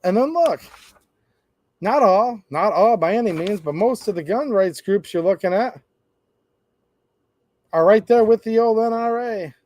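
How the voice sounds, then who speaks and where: A man's voice: high-pitched, animated, unhurried, pauses often, a little mellow, no room sound. A man giving a sarcastic opinion monologue on gun laws, acting out both sides of imagined conversations. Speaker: gun rights commentator.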